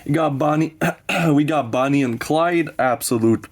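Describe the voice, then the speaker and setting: Gravelly, sniffly man rambling about films. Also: on the high side, unhurried, a little hiss or hum. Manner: rambling, enthusiastic, swears when heated. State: sniffly from allergies. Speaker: horror film collector and channel host. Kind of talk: casual collection showcase vlog.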